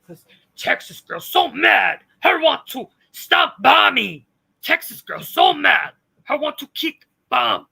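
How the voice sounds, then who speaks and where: A woman's voice: high-pitched, big pitch swings, takes it slowly, vocal fry, sharp tone, pitched above the performer's own voice, exaggerated voice. A woman putting on the voice of a furious, childish woman who whines in broken baby talk. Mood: mocking.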